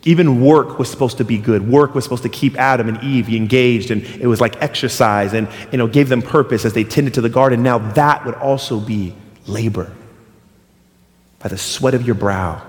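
A male pastor preaching an animated sermon, telling stories and doing voices. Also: mid-range voice, moderate pace. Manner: animated, storytelling, with voices and asides. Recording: long hall reverb.

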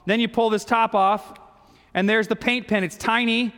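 A high, smooth, resonant man's voice with a drawl, a middle-aged pastor preaching. He tells a homespun story and often drops to a near-whisper. The sound carries a long reverb, as if in a big hall. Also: moderate pace. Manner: folksy, animated storytelling with sudden soft drops. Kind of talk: storytelling sermon.

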